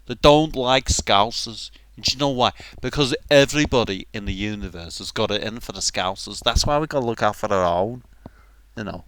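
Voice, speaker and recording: A man's voice: lowish voice, fairly quick, a bit bright, clean tone, no room sound, close to an everyday voice. A man voicing an aggrieved, paranoid Liverpool man with a Liverpool accent, ranting in rhetorical questions.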